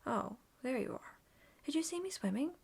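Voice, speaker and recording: A woman voicing a tiny, excited baby kangaroo boy with a squeaky voice, in whispered role-play for a storybook. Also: normal speed, creaky.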